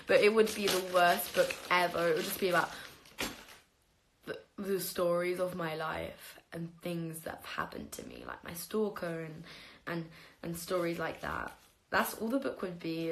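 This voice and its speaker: A woman's voice: lowish voice, animated, measured pace, gravelly. A young woman chatting on a phone livestream, telling stories about her life with frequent laughs and casual swearing.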